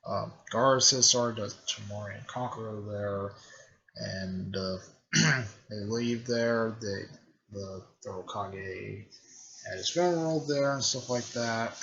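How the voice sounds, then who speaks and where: A man's voice: lowish voice, pushed and bright. Guy rambling a recap, lots of uh and stuff like that, muffled lo-fi audio. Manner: rambling, many fillers and frequent throat clearing. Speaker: video creator recapping a fan series. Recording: dull lo-fi recording.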